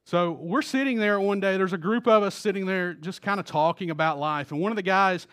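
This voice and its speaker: Man, middle-aged, pastor, high voice, casual storytelling sermon. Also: a little fast, fairly bright tone, clear, resonant tone. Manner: casual storytelling with chuckles and restarts.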